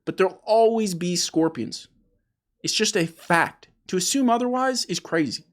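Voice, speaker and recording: A man hosting an opinionated gaming discussion, emphatic and animated, often repeating words as he starts a point. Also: high-pitched, moderate pace. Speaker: host.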